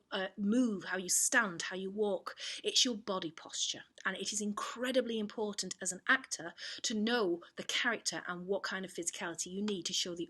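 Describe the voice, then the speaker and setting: A woman teaching an online drama lesson, explaining clearly and demonstrating examples with her voice. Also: medium pitch, a bit bright. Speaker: performing arts teacher.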